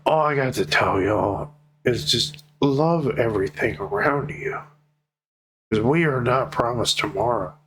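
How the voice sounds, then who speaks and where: A man's voice: medium pitch, a little slow, a bit bright, slight background noise. A young man speaking to his viewers in a personal vlog update, emotional, heartfelt and casual, with some swearing. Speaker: vlogger.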